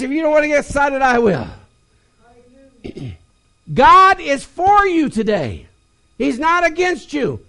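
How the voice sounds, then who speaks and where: High-voiced, lively man preaching. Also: measured pace, pauses often. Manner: call-and-response, exclaims and repeats phrases. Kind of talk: sermon.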